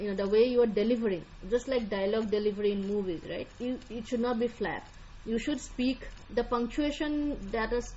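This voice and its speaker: A woman's voice: fairly high pitch, darkish tone, muffled recording, slight background noise. A woman with an Indian accent, an admissions counselor giving a live online lecture in a directive way, repeating her key points.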